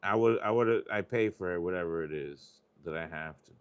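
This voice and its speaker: His voice is deep and smooth, and he speaks a little fast. He's a man hosting a live stream, scratching lottery tickets and chatting casually in a meandering, confessional way while cursing freely.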